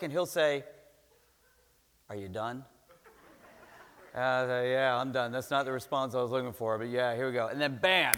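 A middle-aged male pastor from Florida with a high, light voice, preaching in a chatty, easygoing way and keeping the congregation with him by asking "right?" again and again. His voice rings through a big church hall with a long reverb tail. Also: fairly bright tone. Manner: conversational, keeps checking in with "right?". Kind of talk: sermon. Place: church sanctuary.

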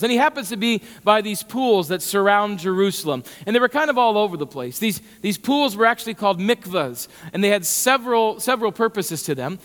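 A man preaching a sermon in a conversational way, repeating words and growing animated. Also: high-pitched. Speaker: pastor. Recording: long hall reverb.

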